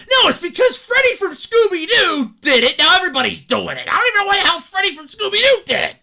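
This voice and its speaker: A woman hosting a podcast, delivering an excitable, swearing, comedic rant with frequent laughs. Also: very high voice, fast, vocal fry, hardly any pauses. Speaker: podcast host. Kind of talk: ranting comedic podcast monologue.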